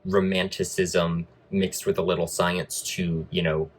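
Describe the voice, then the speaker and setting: A man's voice: low-pitched, little pitch movement, unhurried, husky, poor audio. A man giving a casual film review with wry, sarcastic asides.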